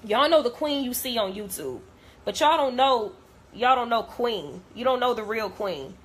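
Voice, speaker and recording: A woman's voice: fairly high pitch, lively intonation, normal speed, fairly bright tone, husky. A young woman, talking straight to camera in an emotional rant, blunt and cursing heavily. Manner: blunt, heavy cursing, hurt and heated. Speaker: vlogger.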